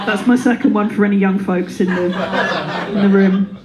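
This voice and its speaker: The recording, made in a live room full of audience laughter, is rough. It captures a woman in her thirties doing playful, self-deprecating stand-up at a comedy club, breaking into silly voices, in a mid-range, darkish voice that is fairly quick and fairly even in intonation.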